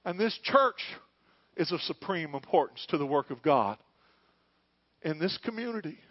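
Man preaching, swings from near whisper to loud calls, fairly high voice, dry and muffled. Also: expressive, moderate pace, no room sound. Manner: preaching, swings from hushed to shouting. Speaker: pastor. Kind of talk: sermon. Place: church.

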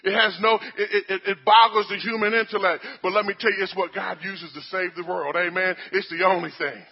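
A man preaching a sermon, building to fervent peaks with amens and hallelujahs and dropping low for quoted voices. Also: steady tone, fairly quick, vocal fry, breathy edge, highs cut off. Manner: rising to shouted fervor with amens and hallelujahs.

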